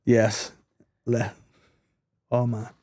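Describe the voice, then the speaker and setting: A man's voice: medium pitch, completely flat delivery, very slow, warm tone. A man, a podcast guest, telling stories in casual comedic chat, laughing and swearing. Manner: easygoing storyteller, laughs often, swears.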